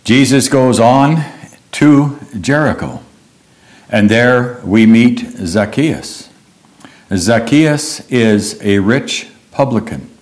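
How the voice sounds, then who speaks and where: A man preaching a sermon, retelling scripture in a slow, earnest storytelling manner. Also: medium pitch. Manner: slow, earnest storytelling with lively rises and drops.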